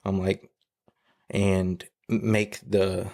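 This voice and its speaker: A man, a podcast guest, telling an emotional personal testimony in a halting way, with many fillers and restarts, near tears. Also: low-pitched, little pitch movement, vocal fry, darkish tone.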